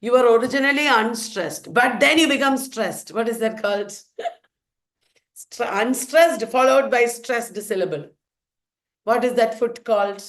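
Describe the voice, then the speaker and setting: A woman's voice: on the high side, measured pace. A woman with an Indian English accent teaching literature, playfully quizzing her students and answering her own questions. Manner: playful, asks questions and answers them herself. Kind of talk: quizzing students in a revision lecture.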